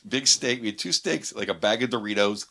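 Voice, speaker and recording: A middle-aged guest comedian from Pittsburgh, USA, tells a rambling anecdote on a podcast, full of restarts. His voice is on the low side with a sharp tone and vocal fry, and he speaks animatedly at a fairly quick pace.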